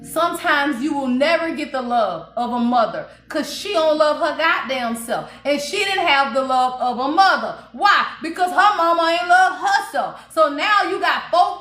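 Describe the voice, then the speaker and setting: High, sharp-voiced profane woman reader. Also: lively intonation, normal speed, hardly any pauses, echoey room. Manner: blunt, profane, preachy, laughs often. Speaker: spiritual reader. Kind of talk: livestream reading recap.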